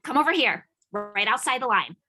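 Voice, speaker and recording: A woman's voice: a little high, animated, moderate pace, music in the background, lightly acted. A woman playing a playful young child. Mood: coaxing. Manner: playful, coaxing.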